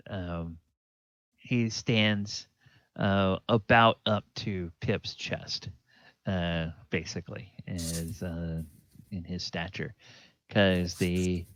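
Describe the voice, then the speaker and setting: Sex: man. Role: dungeon master. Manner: slow, hesitant, many fillers. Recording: dry, dull lo-fi. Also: deep voice, steady tone. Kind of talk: narrating a tabletop game.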